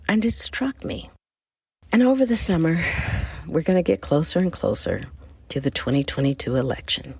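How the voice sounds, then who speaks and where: A woman podcast host from the United States speaks in a low, husky, gravelly voice. She talks in a thoughtful, measured way with lively swings of pitch and addresses her listeners directly. The sound is dry and close. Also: no echo. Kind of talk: reflective solo podcast monologue.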